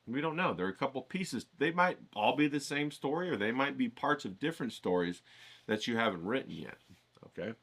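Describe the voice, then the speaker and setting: A man's voice: medium pitch, lively intonation, brisk, a bit bright. A man hosting a writing challenge, talking casually and rambling, swearing now and then and checking in with "okay?". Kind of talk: casual teaching vlog. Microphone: filtered through a voice isolator.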